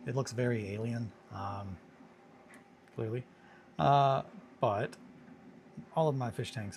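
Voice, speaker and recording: A tired man paints miniatures on a stream, chatting in a casual, rambling, laid-back way and talking to himself and his pets. His voice is fairly low, with a little hiss or hum in the audio.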